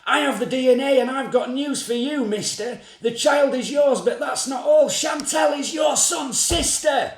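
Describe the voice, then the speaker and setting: A man voicing a pompous, bullying male daytime talk show host who lectures and shouts at his guests with self-righteous anger, in an echoey room. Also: very high voice, expressive, unhurried, pitched above the performer's own voice. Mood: shouting scorn. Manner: preachy, self-righteous outbursts.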